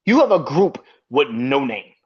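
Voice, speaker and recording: A man's voice: mid-range voice, sing-song, measured pace, husky. Exasperated profane man ranting, lo-fi. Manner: exasperated, profane, laughing in disbelief. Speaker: podcast host. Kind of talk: heated rant about wrestling. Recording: dull lo-fi recording.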